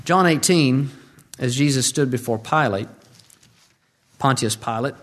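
A man, a pastor, preaching a sermon earnestly and drawing out key words slowly. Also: mid-range voice, a bit bright.

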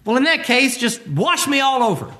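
A man's voice: very high-pitched, very animated, normal speed, bright, forceful tone, voice pushed up, exaggerated voice. A male preacher voicing an impulsive, blurting male apostle who protests bluntly, within a sermon. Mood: protesting.

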